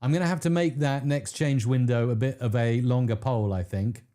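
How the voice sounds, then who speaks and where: Excitable man hosting a live stream. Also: normal speed. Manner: excitable, laughs often, pitch jumps when thrilled. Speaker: livestream host.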